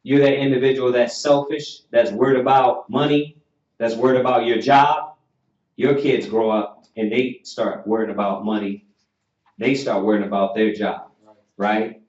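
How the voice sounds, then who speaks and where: This Southern US man speaks at medium pitch with fairly even intonation, yet his delivery is preachy and emphatic, rising nearly to shouting with long, repeated questions. He's a teacher giving sermon-like class instruction. The sound is muffled, roomy and far from the microphone.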